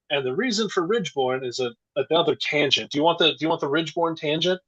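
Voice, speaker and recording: A man's voice: fairly high pitch, quick pace, hardly any pauses, muffled recording. Chatty man telling a long rambling story. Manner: rambling, animated, full of tangents. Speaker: interview guest. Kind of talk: casual storytelling.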